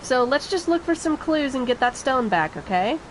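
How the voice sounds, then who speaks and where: A woman's voice: high voice, very animated, normal speed, a little hiss or hum, low-quality recording. A woman voicing an easygoing young male thief, reading game dialogue aloud in a teasing, reassuring way.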